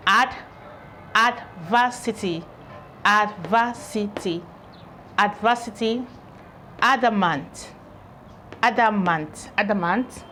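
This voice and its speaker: Slow-drilling woman teaching pronunciation. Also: medium pitch, a bit bright, a little hiss or hum. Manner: repeats each word several times, deliberate drilling. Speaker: English teacher. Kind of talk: pronunciation lesson, repeating words slowly.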